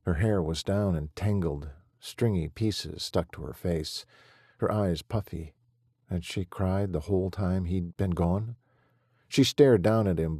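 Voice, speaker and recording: A man narrating an audiobook in a measured, steady storytelling manner. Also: low-pitched, breathy edge, no room sound, clean studio sound.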